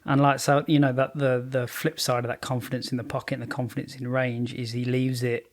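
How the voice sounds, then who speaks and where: A man's voice: mid-range voice, little pitch movement, a little fast. A man co-hosting a podcast, chatting about fights in a laid-back, slangy way. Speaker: podcast co-host. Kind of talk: casual chat.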